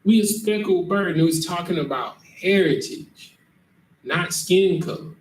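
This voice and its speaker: A man's voice: high-pitched, unhurried. A man leading a scripture lesson in an emphatic way, who keeps checking that his listeners understand. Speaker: teacher leading a scripture class. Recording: echoey room, mic far off, faint noise.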